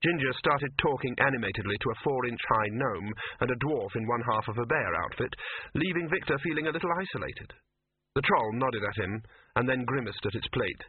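A man narrating an audiobook in a measured, wry way, on a tinny, phone-like recording. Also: mid-range voice, expressive, husky, no room sound.

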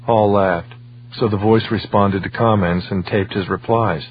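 A man reading an audiobook in measured, even scripted narration. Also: lowish voice, highs cut off, a little hiss or hum.

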